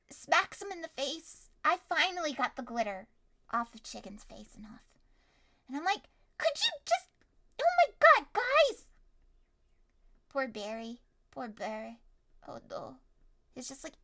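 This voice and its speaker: A young woman leads a tabletop story game as its game master. Her voice sits high and bright and swings widely, and she keeps breaking into shouts and laughter. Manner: animated, bursts into yelling and laughter.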